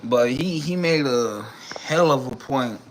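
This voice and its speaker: A man giving a profane, animated sports rant from home in a casual vlog, swearing and laughing often. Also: mid-range voice, slow pace, slight background noise. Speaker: vlogger. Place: home room.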